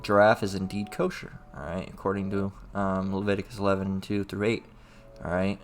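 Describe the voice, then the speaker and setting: A man with a fairly low voice leads a relaxed scripture study. He talks loosely and repeats himself, tacking "all right?" onto most lines, and lifts his voice when he reads the old-style verses aloud. Soft music plays faintly behind him. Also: fairly quick. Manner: repetitive, checks in with "all right?". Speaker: religious teacher.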